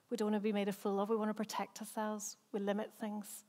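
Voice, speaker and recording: A woman's voice: medium pitch, completely flat delivery, quick pace, hardly any pauses, warm tone. Chatty woman pastor. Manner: chatty and self-mocking, laughs often. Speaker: senior pastor. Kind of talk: sermon with personal stories.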